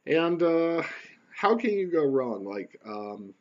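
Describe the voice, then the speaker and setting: A man rambling wryly through a casual solo podcast from his computer at home. His pitch is lively and animated, rising and falling a lot. The sound is dull and lo-fi. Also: slow pace. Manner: rambling, wry and joking. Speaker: podcast host.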